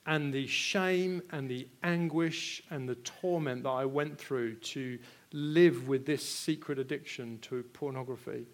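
An earnest British man delivers a sermon in a mid-range voice, shifting from quiet personal stories to loud, urgent rhetorical questions. When he gets stirred up, he repeats words.

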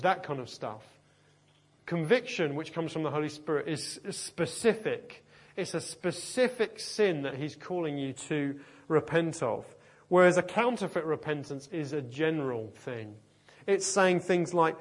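Preacher, male, emphatic sermon delivery with wry asides, voice sits a bit high. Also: moderate pace. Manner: lively, emphatic, humorous asides to the congregation. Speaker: pastor.

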